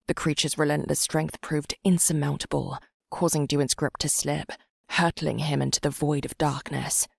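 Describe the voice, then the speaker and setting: A woman narrating an audiobook in a measured, dramatic way, her voice very low with a gravelly edge. The recording is dry and close, with no room sound. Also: dry recording.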